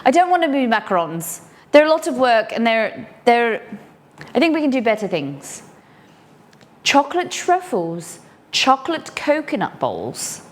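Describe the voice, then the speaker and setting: A woman's voice: on the high side, very animated, a little slow. An English woman hosting a casual live cooking stream from her home kitchen, chatty and rambling with cheeky asides. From England.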